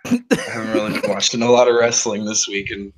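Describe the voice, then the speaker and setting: A shy, self-deprecating man speaking on a podcast in a middle-pitched voice. A faint noise sits under his recording. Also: level tone, quick pace, low-quality recording. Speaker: podcast guest. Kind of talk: casual chat.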